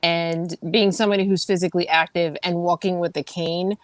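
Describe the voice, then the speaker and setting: Earnest woman with a low voice, dry sound. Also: fairly even intonation, brisk, no echo. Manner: earnest, reflective storytelling. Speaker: panel guest, breast cancer survivor. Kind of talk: candid panel discussion.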